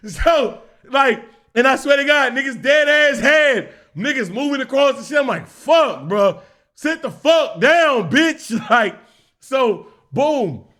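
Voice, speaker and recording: A young man telling an animated, profane story as a streamer, acting out characters and laughing often. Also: extremely high pitch.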